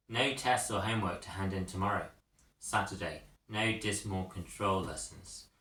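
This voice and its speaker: A man narrating a second-person storybook in a measured way, with occasional coughs. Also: low voice, bright, forceful tone. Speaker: audiobook narrator. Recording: roomy echo, mic at a distance.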